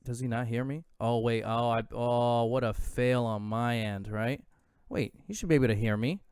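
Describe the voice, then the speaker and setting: A man's voice: mid-range voice, moderate pace, darkish tone, clear, resonant tone, no room sound, studio quality. A young man hosting a casual sports call-in show, chatty and joking, laughing often. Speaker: host.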